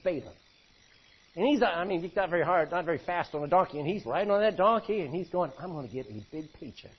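A man's voice: sits high, fast, breathy edge. Male pastor, folksy sermon delivery, muffled lo-fi sound. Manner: folksy, conversational preaching with asides. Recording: dull lo-fi recording.

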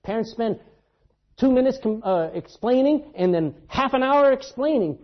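Preaching at a normal speed, this man has an extremely high voice with lively intonation. His sermon leans on emphatic stories that swing between loud outbursts and hushed asides, captured in dull lo-fi audio.

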